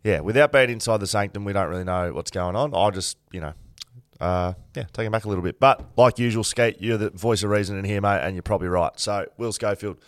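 A man's voice: lowish voice, fast, no room sound. A man hosting a podcast in casual chat, blunt and teasing, swearing freely. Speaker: podcast host.

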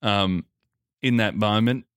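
Australian man, lowish voice, animated sweary co-host, dry room. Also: slow pace, clear, resonant tone, dry recording. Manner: animated, laughing, profane storytelling. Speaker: podcast co-host. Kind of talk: casual chat.

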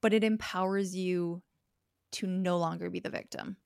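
A woman's voice: lowish voice, steady tone, moderate pace, gravelly, darkish tone, no room sound, studio quality. A young woman speaking as a guest in a podcast conversation. She talks thoughtfully and explains her ideas through examples. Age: young adult.

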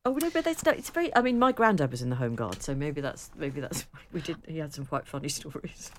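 A woman co-hosting a radio chat show, chatty and quick to laugh as she reads out listener emails. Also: low voice, very animated. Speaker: radio co-host.

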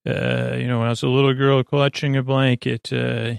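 A man hosting a sleep podcast, casually retelling a story in a slow, meandering way full of filler words. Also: flat delivery, creaky, clear, resonant tone, dry recording, clean studio sound. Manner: meandering, many uh fillers and 'he goes'; slow, low-key delivery. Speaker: podcast host. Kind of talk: rambling sleep-podcast episode recap.

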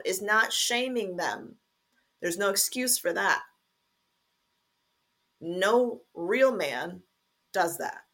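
A woman hosting a faith-based podcast, talking earnestly and deliberately to fathers, with some fillers and restarts. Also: medium pitch, fairly bright tone. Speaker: podcast host.

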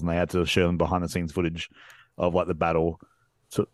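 A man's voice: low voice, completely flat delivery, fast talker, no room sound, studio quality. A man hosting a podcast, chatting casually about a film in a rambling way with frequent laughs. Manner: rambling, laughs often, lots of fillers and likes. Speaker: podcast host. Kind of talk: casual chat.

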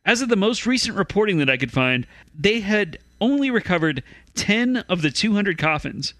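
Bright-voiced man hosting a comedy news podcast. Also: high-pitched, big pitch swings, normal speed, no echo. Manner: reads stories, then prompts co-hosts. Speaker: podcast host presenting news.

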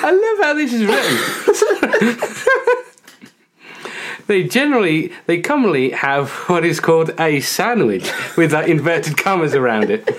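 A woman's voice: on the low side, sing-song, a little slow. A woman co-hosting a casual podcast chat, reading facts aloud and laughing often. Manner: giggly, reads facts aloud with frequent laughter. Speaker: podcast co-host.

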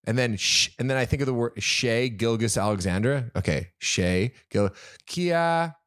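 Man, musician guest, rambling storyteller, animated, mid pitch, dry sound. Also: moderate pace, clear, resonant tone, no echo. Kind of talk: casual podcast chat.

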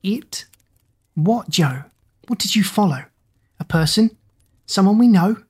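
Storybook heroine, played by a woman as a scared teen girl, breathy pleading, lifted higher than the narration. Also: lively intonation, slow pace, darkish tone, heavily acted. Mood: anxious. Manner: pleading, often breathy and whispered. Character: frightened, desperate teenage girl heroine.

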